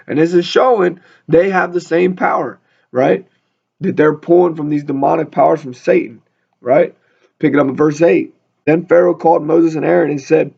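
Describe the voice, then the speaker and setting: A man's voice: fairly high pitch, a little slow, vocal fry, a little mellow, husky. A man leading a casual Bible study, reading scripture aloud and then riffing on it with humor in a chatty way. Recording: dull lo-fi recording.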